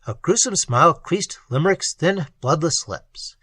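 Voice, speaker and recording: A man reading a pulp horror story aloud as an audiobook, in a dramatic, expressive storytelling manner. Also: fairly high pitch, unhurried, hardly any pauses, breathy edge, dry recording. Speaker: audiobook reader. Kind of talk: audiobook narration.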